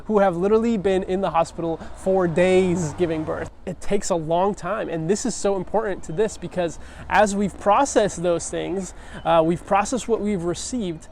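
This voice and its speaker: A man's voice: high voice, moderate pace, darkish tone, slight background noise. A man giving a casual, earnest sermon, talking conversationally with frequent restarts.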